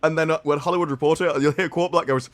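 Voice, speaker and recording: A man's voice: a little high, fairly even intonation, rapid-fire, no echo. A man chatting on a livestream, dry and sarcastic, often quoting people in mock voices. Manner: wry, sarcastic, quotes people in jokey voices. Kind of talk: casual chat.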